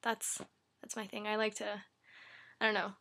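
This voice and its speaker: A woman's voice: medium pitch, flat delivery, moderate pace, sharp tone. A woman book vlogger talking casually to camera from her bedroom, rambling and chatty, with lots of "like" and "um".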